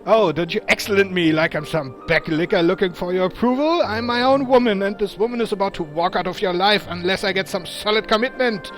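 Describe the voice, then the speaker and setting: Timid, sweet young woman, put on by a man, high and lively, over game music. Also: moderate pace. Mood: mock-angry. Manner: sweet, breathy, hesitant and eager to please. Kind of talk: reading game dialogue aloud.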